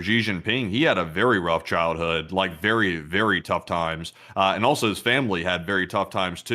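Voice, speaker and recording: Bright-voiced, low-pitched male co-host. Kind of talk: casual chat and reading donations.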